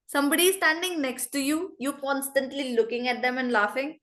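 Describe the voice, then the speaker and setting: A woman with an Indian English accent runs an online English class over a video call, with a voice sitting a little high. She explains points briskly and firmly tells students to stop laughing and disturbing her. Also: steady tone, fairly bright tone. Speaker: English teacher.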